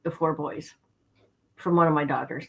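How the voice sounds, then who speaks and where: A woman's voice: deep voice, normal speed, gravelly, fairly bright tone, low-quality recording. A middle-aged woman hosting a livestream, chatting casually with viewers, talking straight to them and repeating points for emphasis. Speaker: livestream host. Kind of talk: casual chat with stream viewers.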